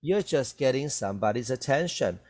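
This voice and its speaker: A man's voice: mid-range voice, expressive, moderate pace, a little mellow. A male English teacher who explains words to young learners patiently and repeats each point with "okay?". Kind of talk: slow reading lesson for learners.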